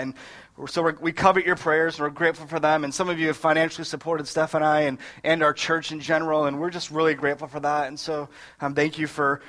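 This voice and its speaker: Bright high-voiced male pastor preaching. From Michigan. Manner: storytelling with quoted asides and repeated restarts. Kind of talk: sermon.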